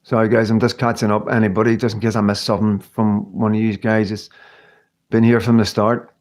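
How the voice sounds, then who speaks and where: A man's voice: on the low side, level tone, a little fast, darkish tone. A middle-aged man from the United Kingdom talking earnestly and emotionally to viewers on a live stream, rambling and often restarting his sentences. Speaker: livestream host.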